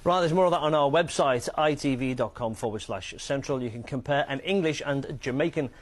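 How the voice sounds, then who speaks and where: A man reading a scripted news report with measured broadcast delivery. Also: medium pitch.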